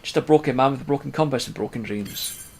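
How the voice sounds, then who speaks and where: A man voicing a broken, weary older fisherman in a video game, grumbling in a rough rustic dialect. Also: medium pitch, quick pace, darkish tone, a little hiss or hum, close to an everyday voice. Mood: gloomy.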